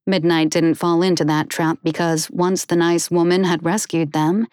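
A woman narrating a children's animal story in a steady, even reading voice. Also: fairly low pitch, normal speed, clean tone, dry recording, studio quality.

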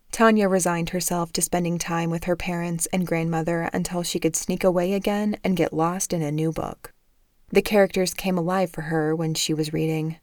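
A woman narrating a novel as an audiobook, in an even, measured storytelling manner. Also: fairly low pitch, no echo, clean studio sound.

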